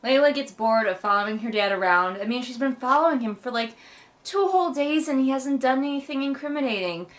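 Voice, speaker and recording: A woman's voice: high voice, lively intonation, a little fast. Wry, sarcastic woman recapping a book. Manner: sarcastic, wry, swears casually. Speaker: book read-along host. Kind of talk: casual book commentary.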